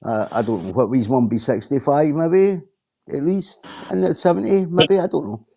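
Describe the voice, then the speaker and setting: A man's voice: fairly high pitch, normal speed, vocal fry, a little mellow, breathy edge. Scottish guy ranting on a stream, blunt and sweary, keeps repeating himself. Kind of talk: casual chat.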